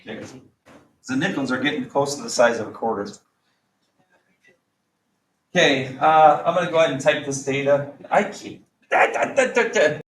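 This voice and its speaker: A man's voice: mid-range voice, normal speed, long pauses, a little hiss or hum. A male math teacher talking a class through calculator work, chatty and joking, with exasperated asides. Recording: echoey classroom with faint background ambience.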